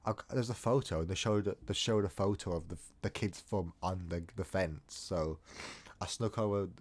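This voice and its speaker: Deep-voiced young man rambling. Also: normal speed, darkish tone. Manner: rambling, jokey, self-mocking asides. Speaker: storytime vlogger. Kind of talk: casual storytelling.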